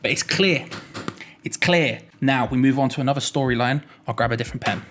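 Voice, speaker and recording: A man's voice: mid-range voice, a little fast, fairly bright tone, slight background noise. A young man giving a jokey, rambling explainer vlog, often correcting himself mid-sentence. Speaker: YouTuber.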